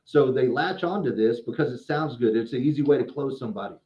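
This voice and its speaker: A man's voice: mid-range voice, fast talker, darkish tone, reverberant, highs cut off. A man in casual podcast chat, a credit repair specialist explaining things at length, often restarting and repeating words.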